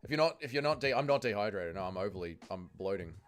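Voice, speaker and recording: Lively Australian man streaming. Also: fairly low pitch, fast talker, clean tone, faint music behind. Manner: reads chat aloud, swears, yells at fights. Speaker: livestream host. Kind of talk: casual watch-along chat.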